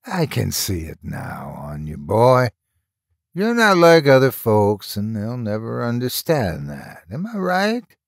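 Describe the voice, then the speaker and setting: A sly rural woman, read aloud by a man coaxes in a folksy, conspiratorial murmur. The voice is gravelly and slow, and it swings widely in pitch. The room is dry and close. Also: wildly swooping pitch, no room sound, exaggerated voice. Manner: folksy, coaxing, drops low and conspiratorial. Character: sly rural woman who hides a cruel streak.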